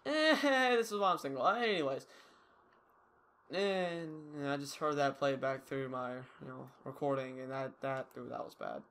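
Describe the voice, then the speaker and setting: A man's voice: medium pitch, steady tone, moderate pace, gravelly, a bit bright. A young man giving casual, rambling, self-mocking commentary over his own gameplay. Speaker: gaming YouTuber.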